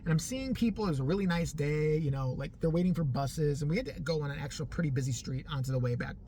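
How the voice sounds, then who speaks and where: A middle-aged man telling a story casually to the camera, animated and profane, laughing often as he goes. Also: fairly high pitch, quick pace, a little hiss or hum. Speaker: vlogger.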